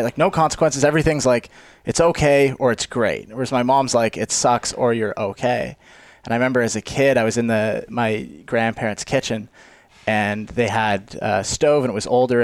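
Co-host, male, lowish voice, lively storyteller with some swearing, dry close mic. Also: no room sound. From Canada. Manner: animated storyteller, profane. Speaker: podcast co-host. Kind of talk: casual podcast storytelling.

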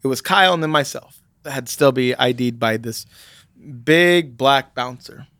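A man's voice: medium pitch, normal speed, a bit bright, dry recording, clean studio sound. A man casually telling a long anecdote, rambling with many fillers and restarts.

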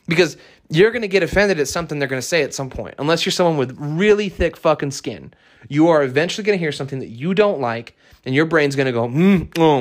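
A young man hosting his own podcast, talking alone in a casual, blunt and heavily profane rant. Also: fairly high pitch. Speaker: podcast host.

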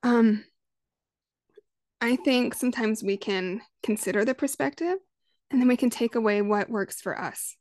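Thirties woman, parenting podcast host, conversational and animated, highish voice, dry close mic. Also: unhurried, pauses often, dry recording. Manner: conversational, lively, acts out quoted voices. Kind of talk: solo podcast monologue.

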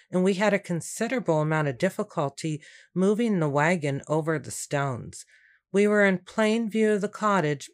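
A woman narrating a storybook in a calm, even, unhurried reading voice. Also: lowish voice. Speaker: audiobook narrator.

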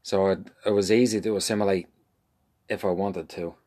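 A man's voice: low-pitched, steady tone, normal speed, dark tone. A middle-aged man with an Irish accent, chatting casually and making dry, wry jokes. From Ireland. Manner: dry joking, wry asides. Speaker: podcast co-host, husband. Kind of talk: casual chat.

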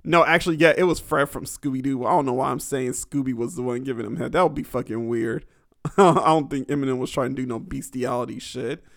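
A man's voice: mid-range voice, a little fast, creaky, no echo, studio quality. A young man hosting a podcast alone, rambling crudely with lots of fillers and frequent laughter. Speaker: podcast host. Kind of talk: casual solo podcast storytelling.

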